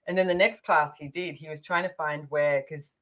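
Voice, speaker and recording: A woman hosts a relaxed podcast conversation, her voice sitting low. She rambles through stories in a chatty way, full of little fillers and asides. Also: moderate pace. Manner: chatty, storytelling, many fillers. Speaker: podcast host.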